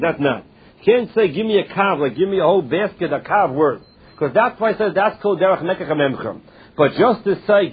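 A man's voice: high-pitched, husky. A man teaching a Talmud class, reading lines and explaining them in English with frequent restarts. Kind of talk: Talmud class, translating text. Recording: tinny phone-line audio.

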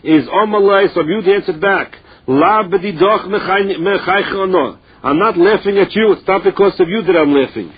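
A Talmud teacher leads a lesson translating Aramaic into English, slowly chanting each source line before explaining it plainly. His voice sits high for a man and sounds husky, and the recording is dull and lo-fi.

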